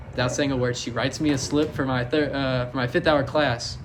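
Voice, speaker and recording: A man's voice: medium pitch, fairly even intonation, fairly quick, hardly any pauses, a bit bright, a little hiss or hum. A young man co-hosting a podcast, telling a crude story among friends and laughing through it. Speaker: podcast co-host.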